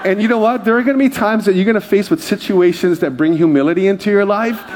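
This time the Hawaiian pastor's voice sits high and a little mellow, and he speaks fast over slight background noise. A self-deprecating, jokey storyteller, he preaches to his congregation with funny personal tales.

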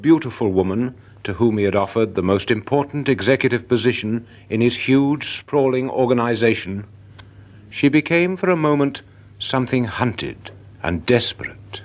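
Casting: narratore maschile britannico, voce media, lettura formale di radiodramma. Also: male voice, medium pitch. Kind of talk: scripted radio drama narration.

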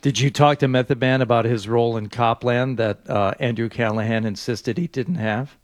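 A man co-hosting a casual chat who drops in dry, teasing asides. His voice is mid-pitched, and the recording is close and without echo. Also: fairly even intonation, moderate pace. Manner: wry, teasing interjections.

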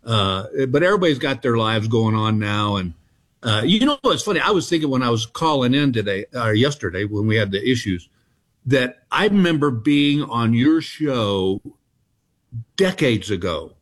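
A man's voice: medium pitch, animated, normal speed. Older man, rambling comic storyteller. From Texas. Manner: rambling storyteller, self-deprecating. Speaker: comedian guest. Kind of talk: casual phone interview.

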